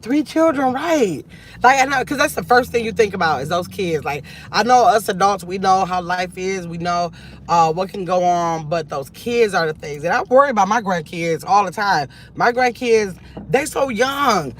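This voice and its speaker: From her car, a middle-aged grandmother hosts a relaxed live chat, musing and rambling while reading viewer comments aloud. Her voice is medium-pitched at a moderate pace, with a little hiss or hum in the audio.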